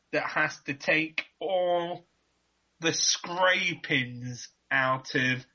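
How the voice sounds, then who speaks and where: A man's voice: on the high side, pushed and bright, lo-fi sound. A man with an English Midlands accent, a podcast guest joking crudely over a video call. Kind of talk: casual podcast banter.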